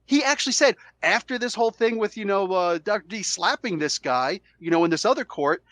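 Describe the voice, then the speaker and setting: A man hosting a podcast while sick with a cold, arguing his side in a casual, animated way and acting out quotes. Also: sits high, brisk, no echo. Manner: animated, argumentative, acts out quotes. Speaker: podcast host. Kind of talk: casual debate chat.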